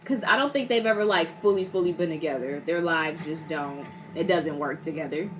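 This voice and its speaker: A young woman giving a casual movie reaction, animated, laughing often and acting out characters in quick voices. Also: low voice, loud music behind the voice. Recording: steady background noise.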